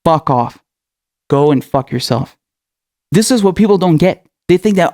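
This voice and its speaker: A young man tears into his audience in a furious, profanity-laced political rant. His voice sits a little high and the recording is close and dry. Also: lively intonation, normal speed, pauses often, no echo. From Middle East. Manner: furious, profane, shouting insults. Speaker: political commentator.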